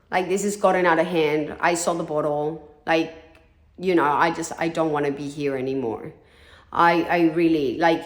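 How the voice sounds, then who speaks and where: A woman in her thirties telling her own story candidly, frank and blunt, swearing freely and acting out what others said. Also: on the low side. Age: 30s. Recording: echoey room.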